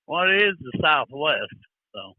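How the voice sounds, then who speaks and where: A man playing a gruff, profane older trucker caller with a Southern accent, drawling and touchy. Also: on the high side, big pitch swings, measured pace, dry recording. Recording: tinny phone line.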